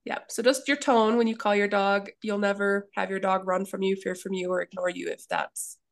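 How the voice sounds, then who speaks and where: Gravelly-voiced woman dog trainer. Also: mid-range voice, flat delivery. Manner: earnest, acts out dogs and owners in quick asides. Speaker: dog trainer and daycare owner. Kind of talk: casual interview talk.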